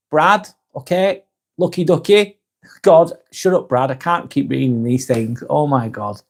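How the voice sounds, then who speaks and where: A man's voice: a little high, a little mellow. A young man with a Northern English accent, hosting a casual live stream, joking and swearing lightly as he reads viewer comments aloud, tired late at night. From north of England.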